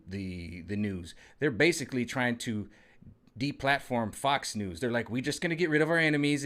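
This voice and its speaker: A man's voice: mid-range voice, a bit bright. 40s guy rambling on his vlog, casual, keeps asking viewers if they follow. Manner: rambling, conversational, addresses viewers directly. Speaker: vlogger. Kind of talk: casual talking-to-camera vlog.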